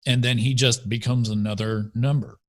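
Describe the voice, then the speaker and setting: A man's voice: mid-range voice, steady tone, normal speed. Opinionated man co-hosting a podcast. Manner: opinionated, argumentative. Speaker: podcast co-host. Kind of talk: casual chat. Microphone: studio mic.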